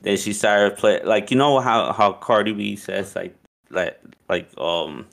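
A man's voice: lowish voice, unhurried, creaky, fairly bright tone. A young man casually telling a story, loose and profane, with "like" in nearly every line. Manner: loose and profane, heavy use of "like".

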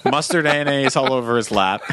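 A man's voice: mid-range voice, moderate pace, fairly bright tone, slight background noise. A man from New Jersey co-hosting a comedy podcast, telling a long story and imitating his friends with laughs. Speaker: podcast co-host. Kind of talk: casual storytelling chat.

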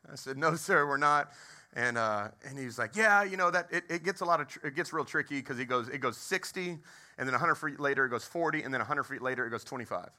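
A Texas pastor in his thirties preaches in a movie theater that serves as a church, telling a funny story and asking the crowd questions. His mid-range voice comes out fast, pushed and bright.

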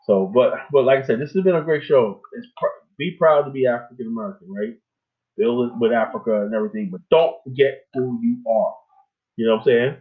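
A man's voice: mid-range voice, a little fast. A man hosting a casual talk show, chatting loosely and often tagging his points with "you know what I'm saying". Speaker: host. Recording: phone-like narrow audio.

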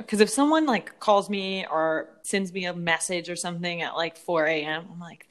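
A bubbly woman co-hosting a podcast with her sister. She giggles easily and fills her talk with "like". Her voice sits a little low for a woman. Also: moderate pace, few pauses. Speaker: podcast co-host. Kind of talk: casual chat between sisters.

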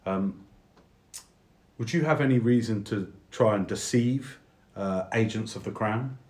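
A man's voice: lowish voice, unhurried, darkish tone, echoey room, close to an everyday voice. A man voicing a polite, nervous male guard captain who stammers and apologizes. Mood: grave.

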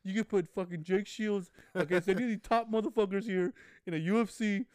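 A fast-talking man tells a story on a podcast, with lots of swearing and a bit of showmanship. His voice is smooth and clear, and the recording is dry and close. He co-hosts the show in casual chat. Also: sits high, no echo. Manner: animated storyteller, heavy swearing. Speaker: podcast co-host.

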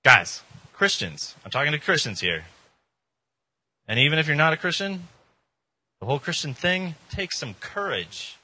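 A man preaching a casual, joking sermon in an informal, animated way. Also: on the high side, normal speed, pauses often, no echo. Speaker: pastor.

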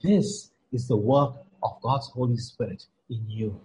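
A man preaching a sermon in an earnest, emphatic way, repeating key phrases and moving between soft, low passages and stronger lines. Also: unhurried, a little hiss or hum, poor audio.

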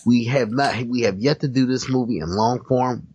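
A man's voice: medium pitch, normal speed, a little mellow, dull audio, a little hiss or hum. A man co-hosting a podcast, chatting loosely about movies with plenty of profanity and fillers. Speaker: podcast co-host. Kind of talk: casual chat about movies.

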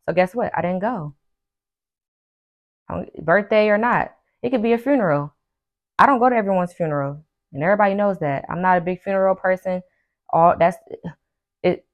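A woman's voice: on the low side, muffled recording. A woman hosting a podcast, giving casual motivational advice in an emphatic, preachy way, repeating her key phrases and acting out what her friends say. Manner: acts out friends' lines in quick asides. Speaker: podcast host and life coach.

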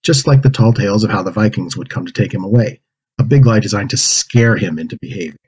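A man with a low, husky voice reads a children's story aloud. He performs the dialogue and animal noises with lively storybook expression, husky texture throughout. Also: fast, rough recording. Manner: acts out pig oinks and character lines. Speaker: narrator reading a manuscript aloud.

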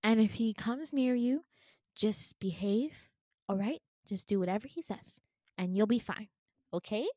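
A woman's voice: mid-range voice, unhurried, warm tone, no room sound, studio quality, lightly acted. A woman voicing a cheerful, clingy young female nurse who talks in a bubbly, pushy way. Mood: insistent.

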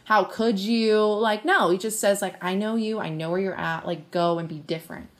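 A young woman hosting a faith podcast, talking in a lively, casual way with frequent laughs. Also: medium pitch, normal speed. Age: young adult. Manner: animated, laughs often, says "like" a lot. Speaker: podcast host.

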